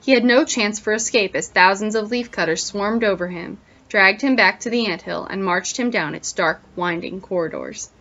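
A woman teacher reading a picture book aloud, pausing to wonder aloud to her listeners, on a dull lo-fi recording. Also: medium pitch, a bit bright.

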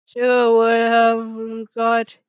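Slow, smooth-voiced woman reading aloud. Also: fairly high pitch, monotone, no room sound, dull audio. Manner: halting reading with slips and restarts. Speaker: fan fiction reader. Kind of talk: reading a fan story aloud.

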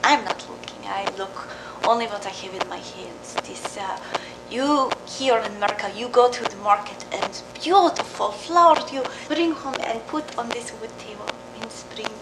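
An actress plays a humble, emotional Czech immigrant mother, talking in halting, broken English full of fillers and soft laughs, her voice sitting a little high. The old film recording hisses and crackles behind her. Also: echoey room, close to an everyday voice. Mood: earnest. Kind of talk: mock documentary interview acting.

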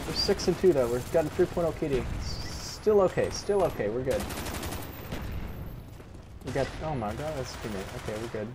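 Young male gameplay commentator, mid-pitched, self-mocking and rambling, clear game gunfire behind. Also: moderate pace, background noise. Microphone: desk microphone.

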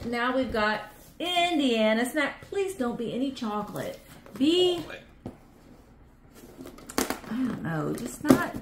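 A woman's voice: on the high side, sing-song, takes it slowly, pauses often. A woman hosting a casual vlog, chatting playfully and musing aloud as she goes. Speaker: vlog host. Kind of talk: casual chat. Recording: echoey room with some background noise.

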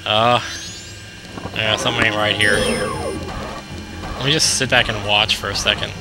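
A young man casually commentating a video game, excitable and jokey, thinking aloud as he plays. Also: fairly low pitch, moderate pace, poor audio. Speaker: let's play commentator. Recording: game music playing behind voice.

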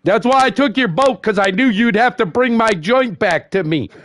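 A man's voice: high voice, moderate pace, a bit bright, no room sound, clean studio sound. A man joking with his friends during an online game and boasting about what he did in the match. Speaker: gamer. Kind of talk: casual chat while gaming.

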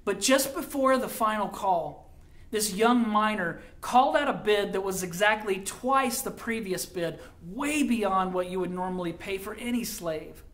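High-voiced man telling a sermon story. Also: a little slow. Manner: dramatic storyteller, drops quiet for quoted lines. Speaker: pastor.

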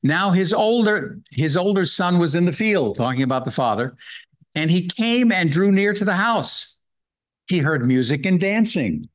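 A man's voice: high voice, lively intonation, normal speed, poor audio. A man giving a Bible-hour sermon, earnestly reading scripture and explaining it verse by verse. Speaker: guest speaker at a Bible hour.

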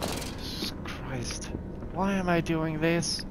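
A man's voice: a little high, slow, heavy background noise. Nervous young man playing a horror game. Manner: nervous, talks to himself, bursts of swearing and yelps. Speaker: gaming streamer. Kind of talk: horror game let's play commentary.

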